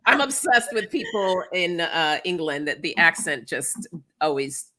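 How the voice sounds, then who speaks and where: Casual tarot-stream co-host, woman with a low, laughing chatty delivery. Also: very animated, a little slow, bright, forceful tone. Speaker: livestream co-host and tarot reader. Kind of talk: casual livestream chat.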